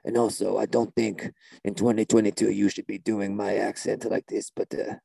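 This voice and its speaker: A gravelly, husky shaman guitarist, as a man plays him, drawling mystical nonsense in a flat, deadpan way. His voice is low and dark, recorded dry and close in a comedy sketch. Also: moderate pace, no echo, exaggerated voice.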